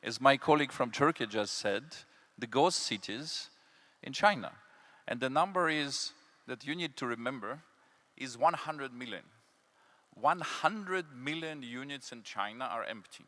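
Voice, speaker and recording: A man gives an emphatic conference panel talk, leaning on key words and filling pauses with "um" and "uh". His voice is bright and forceful, at a middle pitch for a man. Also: animated. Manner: emphatic, repeats key words, many fillers. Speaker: panelist, city development consultant. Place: conference hall.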